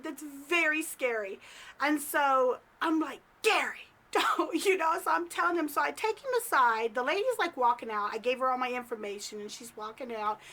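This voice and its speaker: Woman, vlog host, storytelling, high voice, lots of "like" fillers. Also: bright, forceful tone. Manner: chatty, full of "like" fillers, acts out quotes. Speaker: psychic medium and vlog host. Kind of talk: animated storytelling to camera.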